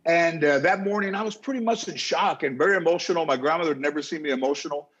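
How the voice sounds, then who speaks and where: Husky rambling storyteller, lo-fi. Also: male voice, on the high side, quick pace. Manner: rambling, animated storyteller with frequent restarts. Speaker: talk show guest. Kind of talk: casual storytelling.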